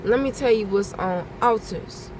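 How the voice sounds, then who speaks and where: A woman's voice: medium pitch, unhurried, background noise. A woman vlogger giving a channeled message in casual spoken warnings, blunt and repetitive, swearing freely.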